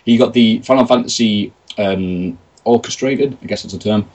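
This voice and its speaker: A man's voice: lowish voice, normal speed, a little mellow, recorded from a distance, low-quality recording. A British man telling stories in a casual interview, chatty and jokey, acting out quotes in other voices. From Britain. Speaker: interview guest, video creator.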